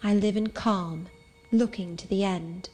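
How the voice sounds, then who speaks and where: A woman's voice: medium pitch, a little mellow, soft background music, close to an everyday voice. Woman reading a serene pious schoolgirl. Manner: measured, earnest and serene. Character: gentle pious schoolgirl, calm and resigned. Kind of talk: audiobook reading.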